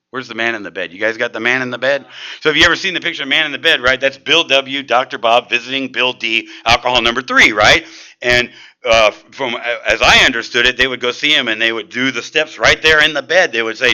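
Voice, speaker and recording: A middle-aged man speaking at a recovery meeting, telling his own story in an animated, street-casual way. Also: mid-range voice, a little fast, low-quality recording. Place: meeting room.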